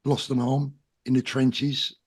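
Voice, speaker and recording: A middle-aged man with a South London accent speaks as an interview guest in a medium-pitched, level, slow voice. His casual interview talk is earnest, plain-spoken and emphatic.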